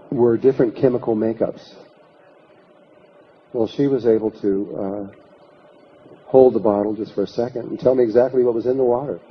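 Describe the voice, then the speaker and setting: This lecturer, a man with a fairly low voice, shares an anecdote with his audience and re-creates people's remarks in his own voice. The recording is slightly muffled and carries a little hiss or hum.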